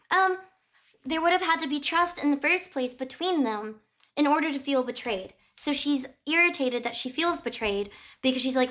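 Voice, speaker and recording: A woman's voice: high-pitched, expressive, normal speed, a bit bright. A woman streamer casually retelling a novel chapter, rambling with lots of fillers, giggling and apologizing. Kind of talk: casual chatty book retelling.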